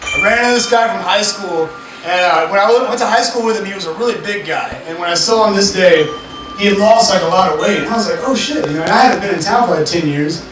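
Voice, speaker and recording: Speaking quickly in a voice that sits high, this young man from the Mississippi Gulf Coast in the USA performs loose, foul-mouthed stand-up full of filler words at a bar. A live audience is present. The noisy, echoey recording sounds distant, with crowd noise and room ambience behind him.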